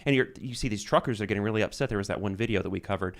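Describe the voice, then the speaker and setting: A man on a political talk show, talking in an animated way and often slipping into quoted voices. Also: fairly low pitch, rapid-fire. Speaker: podcast guest.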